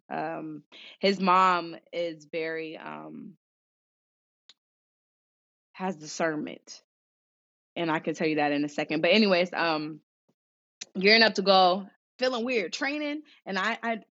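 Young woman from socal chatting, lots of ums, acts out voices, dull lo-fi audio. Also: on the low side. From Southern California. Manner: animated, acts out quoted voices, many fillers. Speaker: guest, former pro basketball player. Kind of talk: casual storytelling interview. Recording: dull lo-fi sound.

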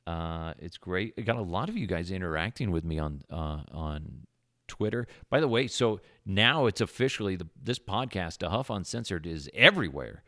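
A man with a deep, gravelly voice talks through a casual podcast monologue from his home desk. He jokes crudely and swears freely, and the sound is close and dry. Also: expressive, normal speed, a bit bright, no room sound. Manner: crude, joking, profane. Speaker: podcast host. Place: home office, indoors. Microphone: podcast microphone.

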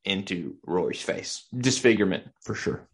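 A man's voice: low-pitched, animated, normal speed. Regular guy hosting a podcast, dry jokes, laid back chat. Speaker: podcast co-host. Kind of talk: casual banter.

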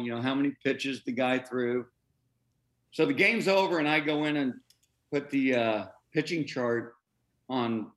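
Middle-aged guy, ex ballplayer, tells his story all animated, does the other folks' voices, average pitch. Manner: animated, acts out quoted voices, breaks into laughs. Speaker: former pro baseball pitcher, guest. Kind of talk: storytelling in an interview.

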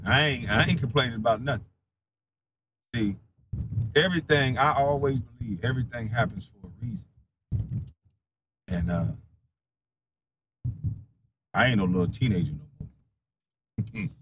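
A man in a heated, profane monologue, defiant and mocking, laughing scornfully and swinging between low mutters and loud taunts. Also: animated, moderate pace, pauses often, background noise. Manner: casual slang-heavy speech.

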